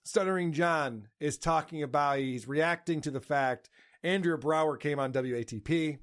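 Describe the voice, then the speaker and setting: A man's voice: a little high, normal speed. A man hosting a podcast, casually mocking clips he plays and laughing often. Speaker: podcast host.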